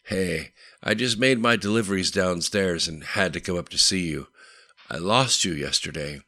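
A man's voice: sits low, normal speed, pushed and bright, dry recording, full character voice. A man voicing an earnest, loyal male delivery manager who speaks in a heartfelt way.

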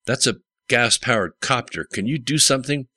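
A man's voice: medium pitch, normal speed, sharp tone, dry recording, pitched above the performer's own voice. A man reading an audiobook, voicing a brash young male getaway driver who talks in a whiny, pressured way. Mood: urgent. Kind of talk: audiobook character voice.

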